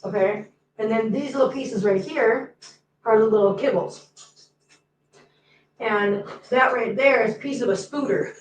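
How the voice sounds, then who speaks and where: Chatty high-voiced woman talking to her cats. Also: measured pace, pauses often, roomy sound, slight background noise, rough recording. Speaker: host. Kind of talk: casual livestream chat. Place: room at home with cats.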